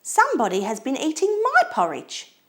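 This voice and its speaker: A woman's voice: sits high, wildly swooping pitch, normal speed, fairly bright tone, voice pushed up, full character voice. A woman doing a sweet exclaiming mama bear.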